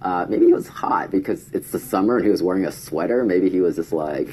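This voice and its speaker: A man's voice: sits low, fairly quick, hardly any pauses, darkish tone, a little hiss or hum. A man telling a casual story to camera, chatty, acting out quoted lines in a raised voice. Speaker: vlogger.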